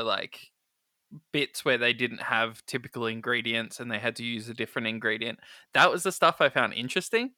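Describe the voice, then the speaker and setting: A man's voice: mid-range voice, bright, forceful tone, no echo, clean studio sound. A man co-hosting a podcast in casual chat, talking loosely with many fillers and little laughs. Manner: chatty, filler-heavy, amused. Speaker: podcast co-host.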